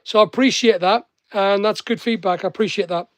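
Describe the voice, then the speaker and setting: Chatty high-voiced man with Northern Irish lilt. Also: a little fast, no echo. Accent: Northern Irish-English mix. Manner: chatty, teasing, talks to viewers while working. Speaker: online seller and channel host. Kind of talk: casual live-stream chat while packing. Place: packing workspace with staff nearby.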